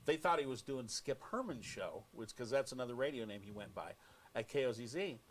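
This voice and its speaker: A man with an American accent, a radio host telling an animated story on air and acting out quoted lines. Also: mid-range voice, brisk.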